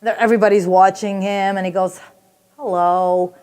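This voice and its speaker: A woman's voice: fairly high pitch, fairly quick. A woman performing a stand-up comedy routine, telling a brash, profane story and jumping into character voices.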